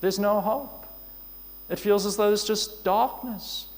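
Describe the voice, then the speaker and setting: A man preaching a sermon in an earnest, measured way, asking his listeners questions. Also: sits high. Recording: long hall reverb.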